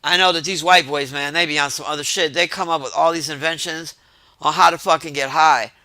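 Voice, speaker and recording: High, bright-voiced man ranting profanely. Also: brisk, no echo. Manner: profane, exasperated and animated. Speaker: streamer telling stories to chat. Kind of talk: casual storytelling rant.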